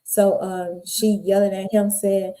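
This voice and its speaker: Dark-voiced woman telling her story. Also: medium pitch, unhurried. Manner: animated, acts out voices in her stories. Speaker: podcast host and guest. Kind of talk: candid storytelling interview.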